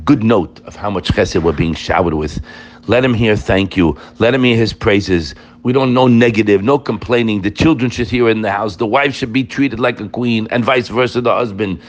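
A man giving a sermon on the weekly Torah portion, talking straight to his listeners in an animated, preachy way. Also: mid-range voice.

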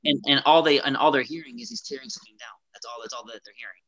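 A man's voice: mid-range voice, very animated, very fast, gravelly, a bit bright. Rambling man explaining on a podcast. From Ohio, United States. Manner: explains at length, repeats himself, swears. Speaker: podcast co-host. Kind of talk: casual podcast discussion.

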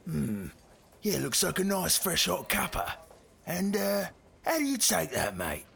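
An actor playing a hot-tempered, gruff British driving instructor in a comedy sketch. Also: male voice, sits high, huge pitch swings, measured pace, a bit bright, full character voice. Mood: menacing.

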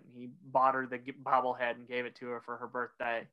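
A man's voice: mid-range voice, flat delivery, a little fast, clean tone, dull audio. A man co-hosting a casual podcast, walking through an episode step by step and leading the segments. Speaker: podcast co-host.

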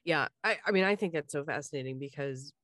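Talking fast in a deep, fairly bright voice, this Richmond-area woman from Virginia co-hosts a podcast. The casual chat rambles, full of fillers and restarts, and the studio-quality recording has no echo.

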